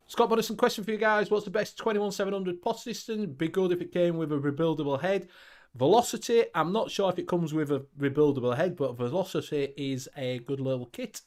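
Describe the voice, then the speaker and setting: A man's voice: fairly high pitch, a little mellow. A man hosting a live stream, reading viewer questions aloud with lots of ums and laughter. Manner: reads chat aloud, lots of fillers and laughs. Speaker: stream host. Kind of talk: casual live-stream chat.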